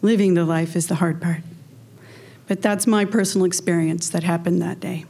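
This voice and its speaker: A woman's voice: fairly low pitch, steady tone, normal speed, gravelly, mellow, breathy edge. Earnest woman hosting a memorial ceremony. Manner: earnest, heartfelt storytelling. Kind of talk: personal speech at a memorial ceremony.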